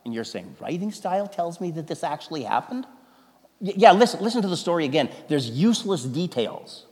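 A man preaching a sermon as a pastor, animated and emphatic, stumbling into restarts and breaking into sudden loud exclamations. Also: fairly high pitch, fairly quick. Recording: long reverb of a large hall.

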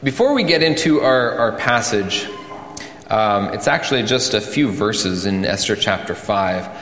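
A male pastor telling a story in a sermon, animated, his voice rising for drama and dropping for solemn points. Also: fairly low pitch, unhurried. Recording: echoey church hall.

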